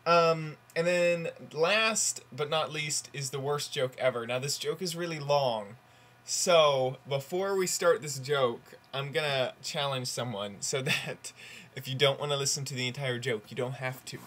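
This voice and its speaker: A man vlogging casually, rambling and halting with lots of fillers while he sets up a long joke. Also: mid-range voice, a bit bright. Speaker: vlogger on a group channel. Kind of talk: casual vlog, telling a joke.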